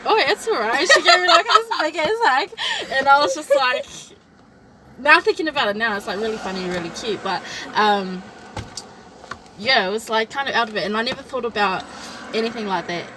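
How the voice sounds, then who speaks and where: A woman's voice: fairly high pitch, fairly quick, noisy background. A woman, telling a personal story in a casual chat and acting out what people said. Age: 20s. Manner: animated storytelling, acts out quoted lines. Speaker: vlog host.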